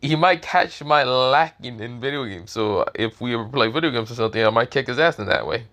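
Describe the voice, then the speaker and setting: A man's voice: mid-range voice, lively intonation, brisk, a bit bright, lightly acted. A man voicing a crude, irritable teenage boy who swears and brushes people off. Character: teen male dragon-boy student, irritable and crude.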